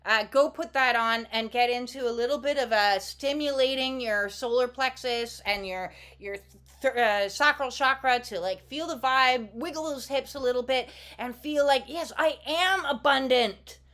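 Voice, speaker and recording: A woman's voice: a little high, normal speed, a bit bright. A woman hosting a casual live card-reading stream, talking to her viewers in a rambling, playful way with the odd swear word. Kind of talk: casual livestream chat.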